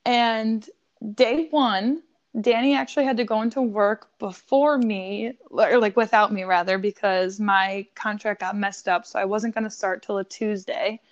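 A woman from Buffalo, New York, telling a story in casual podcast chat, animated and swearing, laughing often. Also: mid-range voice, a little slow, muffled recording.

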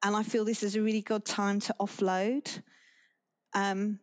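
A woman's voice: medium pitch, level tone, unhurried, clean tone. Woman telling a rambling anecdote. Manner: rambling anecdotal storytelling with restarts and laughs. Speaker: podcast guest. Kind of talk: casual interview chat.

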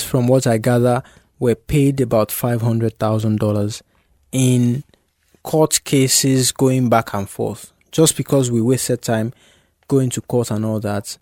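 A man co-hosting a podcast in casual chat, explaining points at length in a measured way. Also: medium pitch, steady tone, a little mellow, no room sound, clean studio sound. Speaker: podcast co-host.

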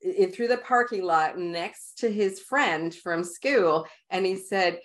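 Low-voiced Queens woman telling stories. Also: slow. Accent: Queens, New York. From New York, USA. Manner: animated storyteller, laughs often. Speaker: guest. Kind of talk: casual interview storytelling.

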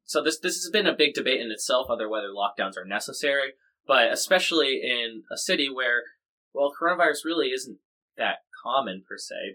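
American man, podcast host, casual news chat, rambling and jokey, bright tone. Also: medium pitch, poor audio. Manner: chatty, jokey, rambling explainer.

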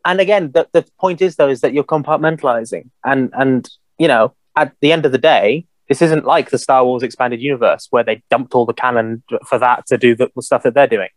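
Guy co-hosting a podcast, lively, swears a lot, dry close sound. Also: mid-range voice, fairly quick, no room sound. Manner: animated, swears freely, lots of "you know". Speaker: podcast co-host. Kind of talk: casual chat.

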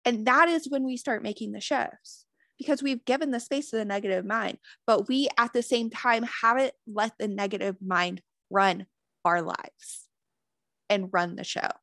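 A woman's voice: mid-range voice, moderate pace, creaky, pushed and bright, no echo, clean studio sound. A woman giving a motivational self-help talk as a spiritual wellness host, earnest, swearing freely and repeating affirmations.

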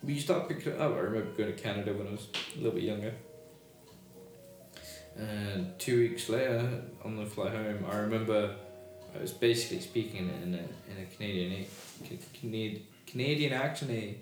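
Host: British man, chatty storyteller, fairly low voice, echoey room with music behind. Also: a little fast. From Britain. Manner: lively, storytelling, asks questions. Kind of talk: casual chat.

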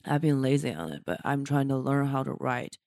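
Animated woman comedian chatting. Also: rumbling low, a little fast, dry recording, studio quality. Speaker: stand-up comedian and co-host. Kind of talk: casual podcast chat.

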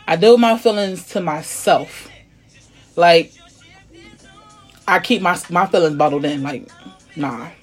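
A woman in casual chat, talking bluntly and emphatically, often swearing, sometimes dropping to a low, quiet tone. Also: a little slow, pauses often, slightly rough, faint music behind. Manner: blunt, profane, emphatic venting; drops to a low, quiet tone to make a point. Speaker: conversation partner.

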